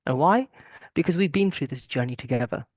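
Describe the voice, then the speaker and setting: A man's voice: medium pitch, lively intonation, fairly quick, dry recording, clean studio sound. A man hosting a casual podcast over a video call, talking in a rambling, emphatic way. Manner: rambling, emphatic, calls guests bro. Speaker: podcast host.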